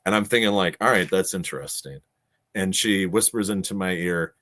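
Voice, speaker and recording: Speaking at normal speed in a deep voice, a middle-aged podcast guest who runs gaming shows spins casual stories. He's an animated storyteller who performs other people's quotes as he goes.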